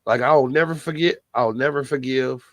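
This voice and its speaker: A man's voice: mid-range voice, moderate pace, no room sound. A man co-hosting a podcast, cursing freely and telling a story in casual chat, acting out quoted dialogue as he goes. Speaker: podcast co-host.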